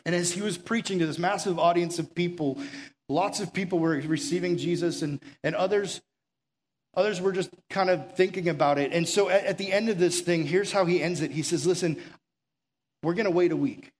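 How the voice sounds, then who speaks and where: A man's voice: high voice, fairly quick. A man preaching a conversational sermon as pastor, urgent and full of rhetorical questions. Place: room with a gathered audience.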